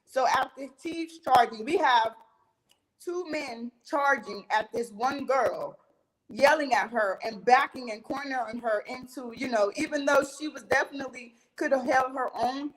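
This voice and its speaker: A young woman as an interview guest, casually recounting a fight and acting out what others shouted, swearing freely. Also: high voice, moderate pace, poor audio. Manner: animated, acts out others' lines, swears freely. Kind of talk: casual storytelling.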